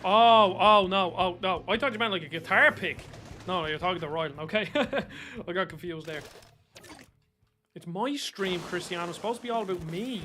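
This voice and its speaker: Streaming a game, a young man from Ireland chats casually at normal speed in a high voice, with music in the background. He swears a lot and reacts to the action with excited outbursts.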